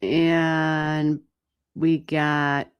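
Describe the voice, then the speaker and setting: A woman giving live astrology readings on a stream, chatty and animated, swearing casually and laughing often. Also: low voice, extremely slow, clean tone, lo-fi sound. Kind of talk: casual livestream chat.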